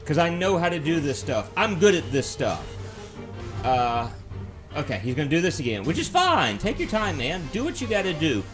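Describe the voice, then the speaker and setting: Chatty man with a lively voice. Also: on the high side, moderate pace, music in the background. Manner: chatty, self-mocking, thinks aloud. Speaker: streamer. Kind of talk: casual let's-play commentary.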